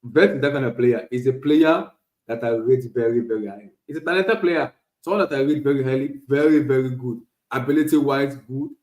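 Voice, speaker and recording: Man, football podcast host, casual and animated, mid-pitched, roomy echo. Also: brisk. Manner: repetitive, animated, lots of restarts and "very, very". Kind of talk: casual solo football talk show. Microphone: streaming setup.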